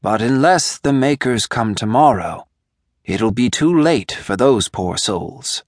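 A man voicing a weary, grave old man in an audiobook, speaking softly and sorrowfully. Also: mid-range voice, animated, slow pace, dry recording, clean studio sound. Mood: hopeful, sad. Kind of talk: audiobook character voice.

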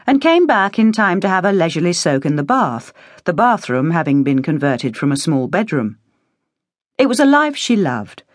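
A woman reads a historical novel aloud in a measured, expressive manner. Her pitch rises and falls a great deal. The recording is dry and close, with no room sound. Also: dry recording. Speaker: audiobook narrator. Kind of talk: scripted narration.

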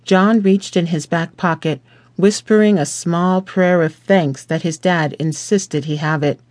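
Slow, measured male audiobook narrator. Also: on the high side, steady tone, no room sound. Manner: slow, measured, deliberate reading.

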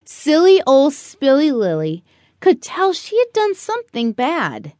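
A woman narrating a rhyming children's picture book in a slow, expressive storytelling manner. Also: high-pitched, no echo, clean studio sound. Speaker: audiobook narrator.

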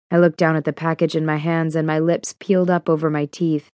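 A woman narrating a first-person audiobook in a steady, even storytelling manner. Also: sits low, a little fast, hardly any pauses, no room sound, clean studio sound.

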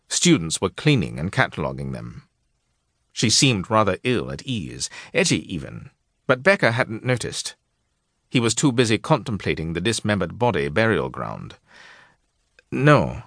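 A man narrating an audiobook in a measured storytelling manner. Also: lowish voice, a bit bright, dry recording, clean studio sound. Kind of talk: scripted narration.

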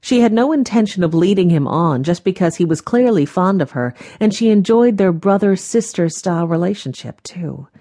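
Warm, low-voiced woman narrating. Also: animated, normal speed, hardly any pauses, dry recording, studio quality. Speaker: audiobook narrator. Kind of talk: scripted narration.

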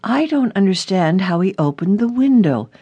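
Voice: mid-range voice, sing-song, normal speed, warm tone, breathy edge, muffled recording. A narrator voicing a frightened young woman, a college student, in an audiobook story, reading her lines anxiously.

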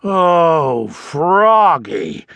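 A man's voice: a little high, very animated, extremely slow, vocal fry, sharp tone, no room sound, exaggerated voice. A man doing a hearty frog dad. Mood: groaning. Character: bustling father frog, patient but exasperated.

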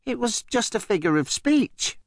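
A man voicing a female dinosaur space crew member in a children's audiobook, brisk and matter-of-fact. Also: very high-pitched, very animated, creaky, no room sound, studio quality, pitched above the performer's own voice, heavily acted. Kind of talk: audiobook character voice.

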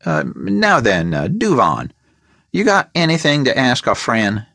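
A man's voice: medium pitch, huge pitch swings, a little slow, vocal fry, bright, forceful tone, no room sound, clean studio sound, full character voice. A man narrating an audiobook voices a small, flashy male gangster who taunts his victim in street slang. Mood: taunting. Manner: street slang, mocking menace.

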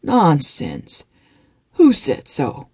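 A woman's voice: deep voice, huge pitch swings, very slow, darkish tone, husky, no room sound, studio quality, full character voice. A woman reading the part of an elderly, bedridden father who waves off his family's worry. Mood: stubborn reassuring.

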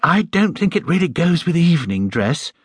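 A man putting on a kindly middle-aged mother with a gentle, wry manner, her voice raised above his own. The tone is soft and husky. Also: fairly high pitch, sing-song, normal speed, no echo, clean studio sound, voice pushed up.

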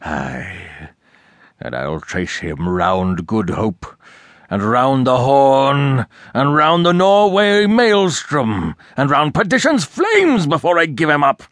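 A man voicing an obsessed old sea captain who rants and shouts in an audiobook. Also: low-pitched, extremely slow, slightly rough, dry recording, studio quality, pitched below the performer's own voice, heavily acted. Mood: raging. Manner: ranting, shouting, wildly swinging.

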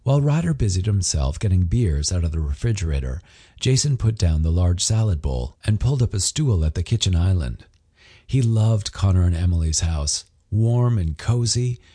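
A man narrating a romance audiobook in an expressive, storytelling manner. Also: sits low, normal speed, husky. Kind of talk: scripted narration.

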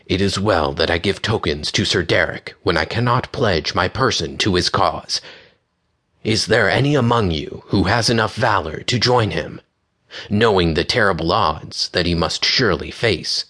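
A man's voice: deep voice, bright, forceful tone. A man playing a regal dryad lady. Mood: solemn. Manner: formal, measured, calculating.

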